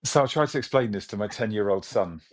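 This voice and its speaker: A man in his forties from Britain, a company chief talking with animated enthusiasm in a business interview. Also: lowish voice, quick pace. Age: 40s. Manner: enthusiastic, animated storytelling with laughs. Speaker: CEO guest.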